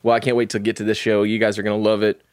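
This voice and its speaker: A man's voice: lowish voice, monotone, very fast, no room sound, studio quality. A man co-hosting a podcast in an upbeat, easygoing way. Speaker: podcast co-host. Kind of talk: casual podcast chat.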